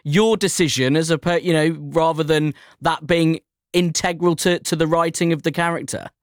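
A man asks eager interview questions, often tripping over his first words. His voice sits a little high. The sound is dry and close. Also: fairly even intonation, normal speed, dry recording.

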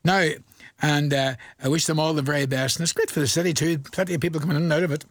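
A chuckling Northern Irish man hosting a radio request show, sending folksy greetings to listeners. His voice sits a little high for a man and has a gravelly, creaky edge. The studio sound is dry and close. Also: steady tone, fast, no echo. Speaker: radio presenter.

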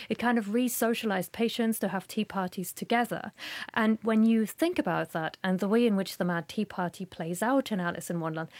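A woman academic, a guest on a radio program, explaining her research in a measured way. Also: mid-range voice, darkish tone, dry recording. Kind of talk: radio interview.

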